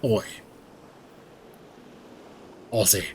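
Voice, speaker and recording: A man's voice: mid-range voice, expressive, slow, long pauses, a little mellow, faint music behind. A man streaming a game and commenting in a wry, jokey, playful way.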